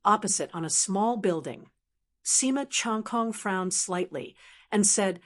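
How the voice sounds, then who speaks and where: A woman narrating a fantasy novel as an audiobook, in a steady, plain storytelling manner. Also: medium pitch, measured pace.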